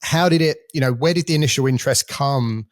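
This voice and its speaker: A man hosting a podcast, effusive and halting with fillers. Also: mid-range voice, no room sound, studio quality. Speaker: podcast host. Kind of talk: podcast interview.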